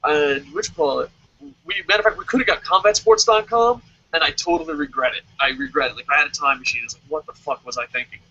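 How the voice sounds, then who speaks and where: Brief: bright, breathy male host, lively and profane, lo-fi audio. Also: a little high, fast talker. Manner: animated, swearing, jokey with sung sound effects. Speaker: podcast host. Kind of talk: casual chat. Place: lives in Japan.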